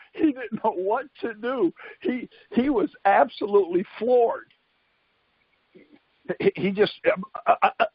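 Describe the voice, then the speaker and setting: Host for a call-in show, husky, dry, dull lo-fi phone-call sound, anecdotal and chatty. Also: male voice, high-pitched, no echo. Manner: keeps asking "See?" while telling anecdotes. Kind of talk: casual storytelling on a call. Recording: dull lo-fi conference call line.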